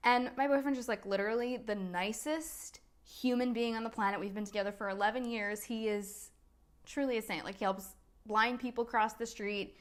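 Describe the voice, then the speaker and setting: Chatty woman coach, a bit high-pitched. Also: steady tone, moderate pace. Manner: chatty, laughs at herself, acts out quotes. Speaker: business strategy and NLP coach, host. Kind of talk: casual live video talk.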